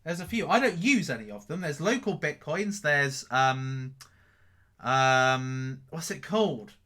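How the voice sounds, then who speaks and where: A man's voice: a little high, expressive, measured pace, bright, forceful tone. A man hosting a casual live stream, reading out chat questions. He rambles, repeats his own phrases and swears offhand. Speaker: crypto livestream host.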